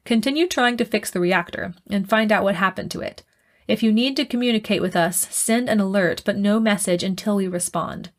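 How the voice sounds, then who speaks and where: Brief: woman voicing a calm, commanding audiobook starship captain, stubborn and skeptical, middle pitch. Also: lightly acted.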